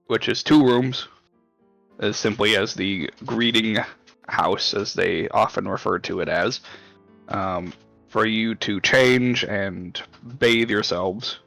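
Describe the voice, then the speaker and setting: A man narrates as game master, setting the scene slowly and pausing often. His voice sits low with a gravelly edge, and the sound is dry and close. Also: a bit bright, no room sound, faint music behind. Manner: unhurried, with frequent ums.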